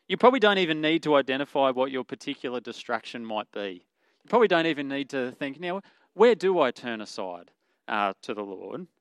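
A man delivering a sermon in an earnest, conversational manner at a middling pitch. He corrects himself mid-sentence and goes quieter when quoting scripture. The sound is dry and close. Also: no room sound. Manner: earnest, conversational preaching with fillers and self-corrections. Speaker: pastor.

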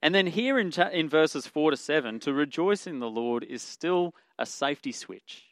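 A man preaching a sermon in an earnest, conversational way, pausing with fillers and correcting himself, and dropping softer when he quotes scripture. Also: on the high side, expressive, no echo. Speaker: pastor.

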